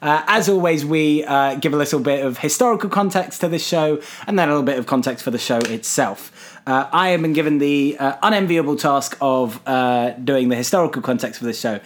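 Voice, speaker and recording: A man's voice: a little high, brisk. A man co-hosting a podcast who teases his partner dryly and laughs often between points. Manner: dry teasing, laughs easily. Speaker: podcast co-host. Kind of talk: casual podcast chat.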